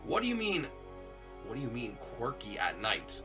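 A man's voice: medium pitch, huge pitch swings, normal speed, over music. A man voicing a jittery failed cop turned night guard in a hobby plush video, stammering and repeating himself in panic. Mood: alarmed.

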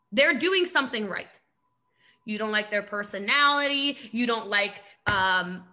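Woman coach, high and bright, emphatic and animated, video call. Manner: animated, emphatic, laughs often, mock voices. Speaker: network marketing coach. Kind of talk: motivational talk on a video call.

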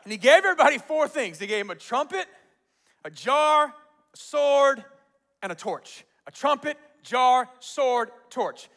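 A very high, unhurried male voice fills a large church auditorium during a sermon. The pastor's storytelling is animated, with quotes acted out and laughter coming often.

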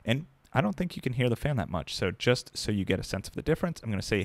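A young man giving an upbeat, conversational product review to camera from his home desk, speaking close into a desk mic on a boom arm. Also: big pitch swings, fast, hardly any pauses, no echo. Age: young adult. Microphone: dynamic desk mic on a boom arm, close.

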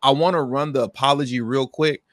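A man's voice: mid-range voice, steady tone, a little fast, no echo, clean studio sound. A man co-hosting a casual podcast, asking slangy, incredulous questions and laughing often. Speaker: podcast co-host.

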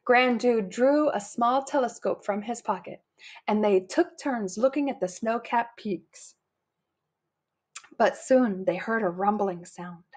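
A woman reading a children's picture book aloud, bringing the characters' lines to life with lively put-on voices. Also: a little high, slow, husky. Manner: animated, putting on lively character voices for quotes. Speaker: storybook reader.

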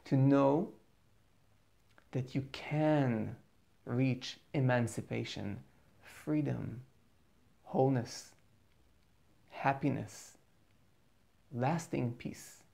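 A man's voice: mid-range voice, slow pace, gravelly, pauses often, mellow. A man giving an earnest motivational spiritual talk as a teacher, repeating words for emphasis.

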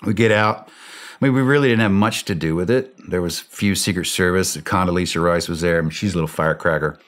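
A man, a former special forces operator, casually telling a war story as a podcast guest. He is animated, laughs often, and acts out the dialogue. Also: low voice, fast.

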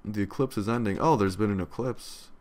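A man's voice: lowish voice, brisk, a little mellow. A young man giving casual, rambling gameplay commentary, swearing freely and yawning often. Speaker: let's play commentator.

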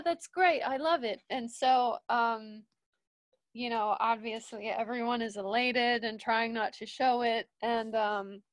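This young woman, a studio manager, shares an offhand story full of false starts and filler words. Quoted lines come out noticeably higher, and there's no echo on the audio.

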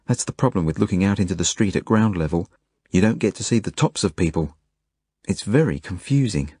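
A man reading his own novel aloud as a first-person audiobook, earnest and measured. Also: low voice, expressive, slightly rough, no echo, clean studio sound. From Australia. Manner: earnest, measured, gentle storytelling.

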